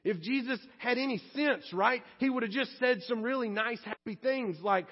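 A pastor with a very high voice preaches to his congregation at a normal speed, keeping the sermon conversational and full of jokes. The recording comes from a church sanctuary and sounds slightly muffled, with the reverb of a large hall.

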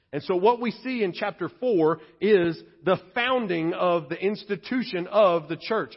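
A man's voice: sits high, husky, dull audio. A male pastor preaching a sermon in a conversational, playful way, often acting out quotes in comic voices.

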